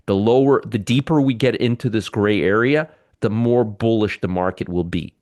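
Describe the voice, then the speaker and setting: Middle-aged man, lowish voice, host of a live market show; excitable and joking, talks right to the viewers. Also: moderate pace.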